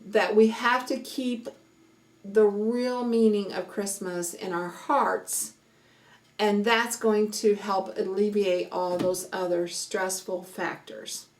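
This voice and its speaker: Earnest slow-talking woman vlogger. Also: mid-range voice, steady tone. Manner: earnest, heartfelt, many "you know"s. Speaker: homesteading vlogger. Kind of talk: casual vlog talk with a preachy streak.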